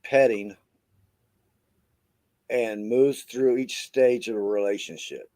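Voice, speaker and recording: A man's voice: medium pitch, steady tone, slow, mellow. A middle-aged American man co-hosting a podcast, telling road stories in a laid-back way and saying "man" a lot. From United States. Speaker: podcast co-host. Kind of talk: casual chat.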